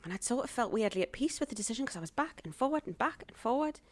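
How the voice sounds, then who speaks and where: A woman's voice: a little high, racing, no room sound. A woman, a guest telling her own stories in an interview and acting out the voices of people she quotes. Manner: animated storyteller acting out quoted dialogue. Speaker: guest, actress and stand-up comic. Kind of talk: podcast interview storytelling.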